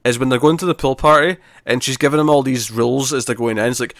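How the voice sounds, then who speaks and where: A man talks through a film in a relaxed podcast conversation. His voice sits at an ordinary pitch and sounds dry and close. He often trails off into quieter asides. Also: fast, hardly any pauses, no room sound. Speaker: podcast co-host. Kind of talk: casual film review chat.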